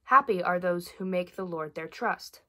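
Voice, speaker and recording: A woman reads a psalm aloud during a worship service with a measured, steady delivery. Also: on the low side. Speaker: scripture reader. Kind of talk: reading scripture aloud in worship.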